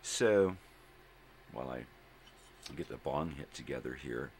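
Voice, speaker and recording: Very deep gravelly older man rambling. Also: expressive, noisy background. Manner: slow, drifting, full of fillers and wordplay. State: drowsy from cold medicine. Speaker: vlog host. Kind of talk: rambling morning chat.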